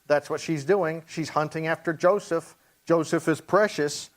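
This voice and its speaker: High-voiced pastor teaching Bible study. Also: male voice. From Hawaii. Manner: reads scripture slowly then explains in plain talk.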